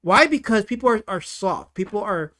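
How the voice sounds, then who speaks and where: A man's voice: high voice, expressive, moderate pace, bright, forceful tone. A man hosting a casual livestream, rambling through comic commentary and reacting to chat with frequent exclamations and swearing. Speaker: livestream host.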